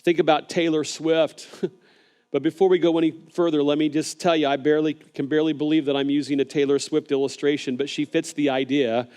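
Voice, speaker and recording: Pastor guy preaching, kinda high voice, earnest n gentle, stumbles on repeats a lot. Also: flat delivery, fairly quick. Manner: earnest, repeats words when starting phrases; speaks gently to online viewers. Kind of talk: sermon.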